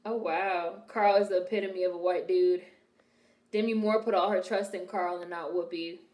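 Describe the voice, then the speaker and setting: In a roomy, echoey space, a young woman from Washington, D.C. hosts a casual film reaction video. Her voice is lowish, a little mellow, fairly even in intonation, and moderately paced, and she talks bluntly with profane wisecracks.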